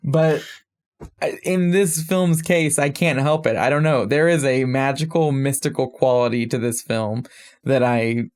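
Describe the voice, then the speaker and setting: A man co-hosting a film podcast, chatting casually with animated, self-deprecating asides. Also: medium pitch, unhurried, smooth. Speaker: podcast co-host.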